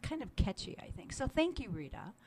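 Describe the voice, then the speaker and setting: A woman's voice: fairly high pitch, sing-song, fairly quick, a little mellow, a little hiss or hum. An older woman co-hosting a radio show in a studio, chatting casually and laughing often while sharing music trivia. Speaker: radio host. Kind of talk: casual on-air chat.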